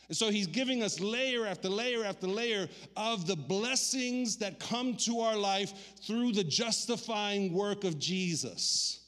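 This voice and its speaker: A man preaching a sermon as pastor, animated, acting out quoted voices and dropping low and quiet for inner thoughts. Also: moderate pace, hardly any pauses. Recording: long hall reverb.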